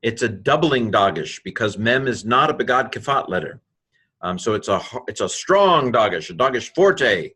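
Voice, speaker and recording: A man teaching a recorded lesson, slowly spelling out letters one by one and thinking aloud as he goes. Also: medium pitch, very animated, pushed and bright, breathy edge.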